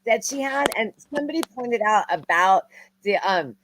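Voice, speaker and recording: A woman's voice: medium pitch, lively intonation, normal speed, noisy background. A middle-aged woman in casual chat, rambling and thinking aloud. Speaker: podcast host.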